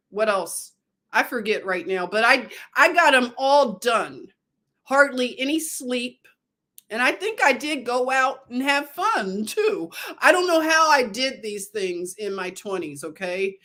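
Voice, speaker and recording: Chatty Philly woman, slow and digressive. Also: fairly high pitch, bright, forceful tone. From Northeast Philadelphia. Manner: chatty, digressive, loses her thread. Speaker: nurse livestreamer. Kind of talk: casual livestream storytelling.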